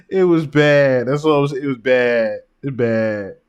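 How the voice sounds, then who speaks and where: A man's voice: mid-range voice, clean tone. Man casually commenting on his podcast. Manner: laughing, animated storyteller. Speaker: podcast host.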